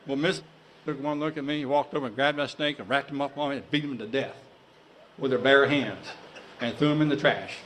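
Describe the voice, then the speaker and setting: A man telling a folksy tall tale to an audience, drawling and now and then breaking into excited shouts. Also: mid-range voice, brisk, a little hiss or hum, low-quality recording. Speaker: storyteller.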